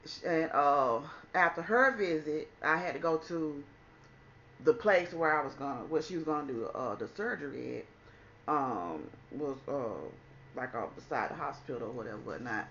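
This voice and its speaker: A chatty woman tells a personal story straight to her viewers, acting out what everyone said. Her voice is gravelly and bright. The recording sounds a little dull, with a faint hiss underneath. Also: low-pitched, very animated, normal speed. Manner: chatty, says "honey" a lot, acts out quotes. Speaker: vlogger. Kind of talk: casual storytime chat.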